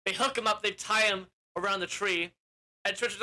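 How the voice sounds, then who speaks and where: A reviewer rambles through a plot summary, stumbling and correcting themselves as they go and swearing offhandedly. The voice is bright and clear at a middle pitch. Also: fairly even intonation, normal speed, rough recording. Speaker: film reviewer. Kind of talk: casual plot recap.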